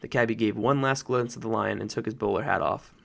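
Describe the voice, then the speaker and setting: A man narrating a children's novel in a measured storytelling read. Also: on the low side, vocal fry, fairly bright tone. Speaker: audiobook reader. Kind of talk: audiobook narration.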